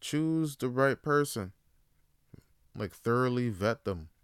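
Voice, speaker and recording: A man's voice: mid-range voice, animated, takes it slowly, clean tone, dry recording, studio quality. Profane, rambling man on a podcast. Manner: profane, rambling, laughs often. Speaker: podcast host. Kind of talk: casual opinion monologue.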